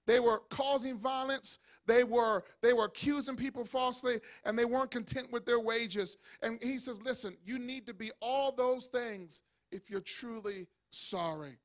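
A pastor preaching a sermon, calling on the congregation to respond and building up to shouted points. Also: male voice, extremely high pitch, normal speed, hardly any pauses.

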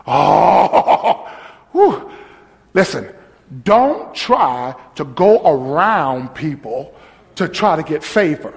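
A man pastor preaching a sermon, teaching a congregation and calling out to them, his voice rising to shouts. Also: fairly high pitch, very animated, extremely slow, creaky, big-room sound. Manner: call-and-response preaching, swelling to shouts.

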